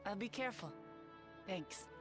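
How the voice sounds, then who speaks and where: An actress playing a determined young woman who speaks in a steady, resolute way. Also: medium pitch, moderate pace, over music, lightly acted.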